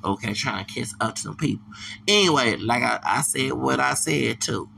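A man's voice: medium pitch, moderate pace, vocal fry, pushed and bright, slight background noise. A man hosting a podcast, delivering a heated, angry monologue rant and repeating himself as he vents. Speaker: podcast host.

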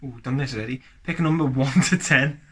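A young man co-hosting a casual podcast, giggling and swearing through quick banter, in a noisy home recording. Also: medium pitch, husky. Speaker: podcast co-host. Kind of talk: casual joking chat.

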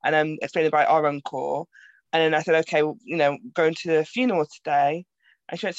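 Low-voiced woman in a dry, dull recording. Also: steady tone, fast, no room sound. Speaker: podcast guest, host's sister. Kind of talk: casual chat.

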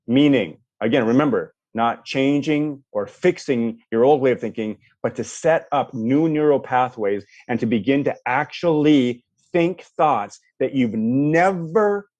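The audio is dull, carrying a man's mid-range voice. He is a life coach coaching a guest through a visualization, animatedly playing out the reactions of others in his explanation.

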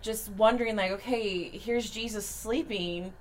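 A woman co-hosting a casual faith podcast into a studio mic, relaxed and quick to laugh. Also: medium pitch, slight background noise. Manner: relaxed, laughing, short agreements. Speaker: podcast co-host.

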